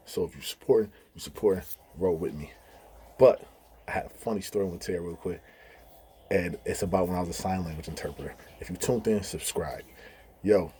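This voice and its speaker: A man's voice: deep voice, dark tone, a little hiss or hum. A man hosting his own channel, telling stories in a slangy, loose style full of asides. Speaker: channel host, storyteller. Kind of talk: casual storytelling.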